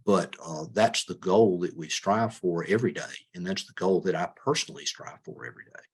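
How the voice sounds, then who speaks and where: This husky-voiced man, low in pitch, is a candidate for a judgeship fielding interview questions. His answers are measured but full of stumbles and repeated words.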